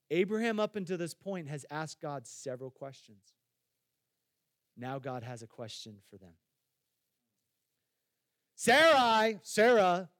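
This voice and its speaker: High-voiced preaching pastor. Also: male voice, no echo, studio quality. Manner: conversational, asks the listeners direct questions; repeats and restarts phrases for emphasis. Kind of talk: sermon.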